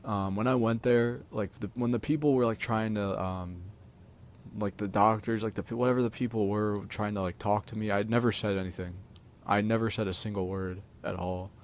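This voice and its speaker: Rambling young man with a low voice. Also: steady tone, moderate pace, slight background noise. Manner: rambling, many fillers, swears casually. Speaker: streamer. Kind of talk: casual storytelling monologue.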